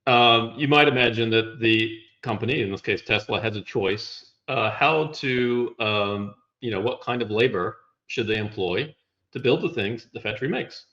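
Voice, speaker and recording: A man walking through slides in a relaxed conversation, explaining step by step with a wry touch. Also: medium pitch, normal speed, dull audio. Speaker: guest presenting slides.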